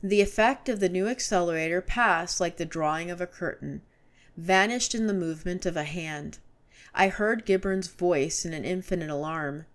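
A woman reading a classic story aloud as narrator, measured and storytelling. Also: lowish voice. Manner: measured, storytelling, rising to urgent shouts in dialogue.

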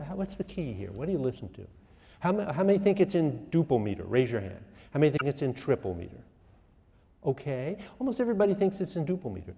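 An older man lecturing a music class, lively and self-mocking, quizzing his students. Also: mid-range voice. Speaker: music professor. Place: lecture hall. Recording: echoey lecture hall.

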